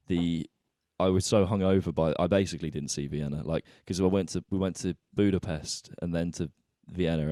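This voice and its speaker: A man's voice: low voice, warm tone, no echo, clean studio sound. A man hosting a podcast, asking questions in a rambling way that often trails off and restarts. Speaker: podcast host. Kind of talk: casual podcast chat.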